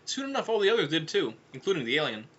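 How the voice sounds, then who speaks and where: A man's voice: on the high side, sing-song, rapid-fire, a bit bright, husky, lo-fi sound. A man narrating a comedic audiobook in a casual, offhand way with irreverent asides.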